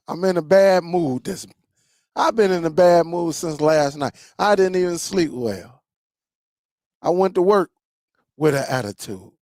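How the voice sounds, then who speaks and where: A man vents to his viewers in a high voice, repeating himself as he grumbles. The sound is dry and close to the mic. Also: dry recording. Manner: animated, repeats himself, grumbling football rant. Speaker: tech channel host. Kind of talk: casual ranting to viewers.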